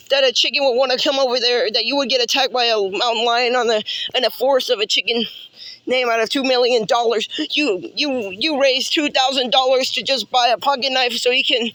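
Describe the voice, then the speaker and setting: A man's voice: extremely high pitch, steady tone, a little fast, pushed and bright, no room sound. A man delivering a rambling, profane improvised roast, repeating himself and taunting. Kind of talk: improvised insult rant.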